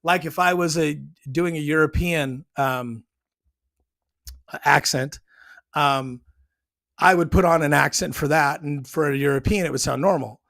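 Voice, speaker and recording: A man's voice: a little high, measured pace, creaky, long pauses, fairly bright tone. A man hosting his own show, reviewing a TV episode in a rambling casual way with many ums and restarts. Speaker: show host.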